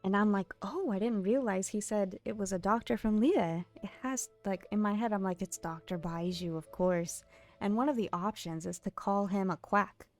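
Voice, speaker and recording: A woman's voice: medium pitch, moderate pace, a little mellow, faint music behind. Chatty young woman streamer. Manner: chatty, giggly, storytelling. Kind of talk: casual chat while gaming on stream.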